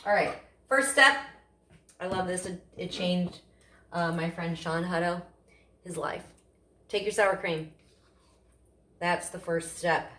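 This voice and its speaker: A woman's voice: lowish voice, takes it slowly, pauses often, fairly bright tone. A woman walks viewers through a recipe in a chatty, enthusiastic way, often posing a question and then answering it herself. She sounds like she is talking in a roomy, echoing kitchen, with a faint hiss of noise behind her. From Italian family background. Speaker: cooking show host. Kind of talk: casual cooking demonstration. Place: home kitchen.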